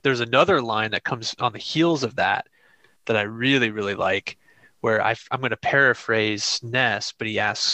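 Bright-voiced man in casual film talk. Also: lowish voice, no echo, rough recording. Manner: thoughtful, halting, repeats words while finding phrasing. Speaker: podcast co-host. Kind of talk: casual movie discussion.

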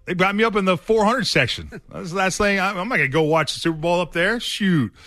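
A man's voice: sits high, animated, fast talker, pushed and bright, no room sound, faint music behind. A man hosting a sports radio show, telling stories in a loose, rambling way with many fillers and restarts. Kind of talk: casual sports talk storytelling.

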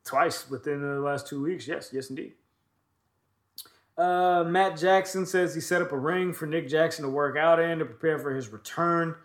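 A man's voice: a little high, normal speed, echoey room. A man co-hosting a podcast, recapping wrestling in a loose, profane, rambling way with lots of fillers. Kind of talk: casual chat.

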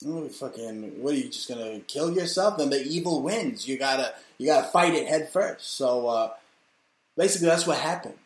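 A man's voice: mid-range voice, lively intonation, moderate pace. Ranting man in an echoey room. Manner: profane, aggressive ranting with shouted outbursts. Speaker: host. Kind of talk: ranting comedic monologue.

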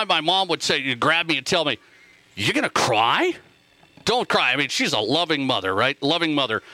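A man's voice: a little high, sharp tone. A man from Montana hosting a sports radio show, talking emphatically, repeating himself and reading listener texts aloud into a studio microphone. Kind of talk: casual call-in radio talk.

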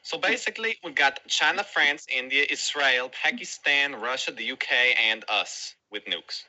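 A man's voice: mid-range voice, lively intonation, moderate pace, sharp tone, poor audio. A man narrating a comedy video in a sarcastic, mock-casual tone. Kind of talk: comic scripted narration.

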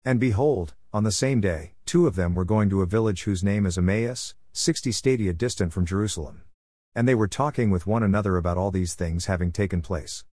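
A man reading scripture aloud in a steady, measured narration. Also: fairly low pitch, no room sound, clean studio sound. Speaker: scripture reader.

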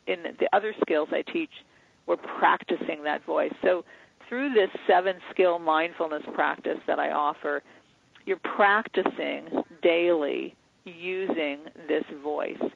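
A man's voice: fairly high pitch, creaky. A man being interviewed as an author, explaining in an earnest, teaching way over a phone line. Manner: earnest, teaching, acts out inner dialogues. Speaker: author and guest. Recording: dry tinny phone line.

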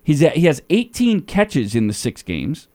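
A man's voice: on the high side, huge pitch swings, moderate pace, mellow. A man hosting a sports talk radio show, giving emphatic, opinionated takes.

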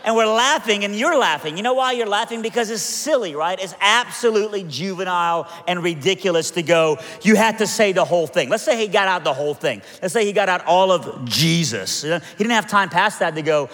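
A man preaching a sermon, telling a story with lively acted-out quotes and joking asides before turning to prayer. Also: high voice, a little fast, hardly any pauses. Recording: long hall reverb.

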